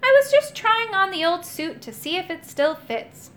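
A woman's voice: high-pitched, sing-song, normal speed, bright, forceful tone, heavily acted. A woman voicing a cheerful, slightly befuddled old knight who is hard of hearing, reading a storybook aloud. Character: old deaf knight in rusty armor, cheerful and vague.

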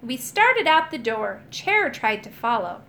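A woman narrating a children's storybook chapter aloud in an expressive, animated manner. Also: fairly high pitch, unhurried, a little hiss or hum.

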